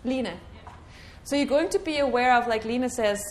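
Woman coaching a workshop, higher voice. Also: quick pace, slight background noise. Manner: drops to a quiet low murmur for a repeated clearing chant; questioning, coaching tone. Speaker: workshop facilitator. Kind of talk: teaching a live workshop.

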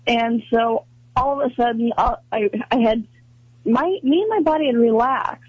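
Chatty woman radio co-host, husky voice. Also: on the high side, normal speed, dry recording, lo-fi sound. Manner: chatty, laughs often, many fillers. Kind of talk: casual radio talk. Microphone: studio microphone.

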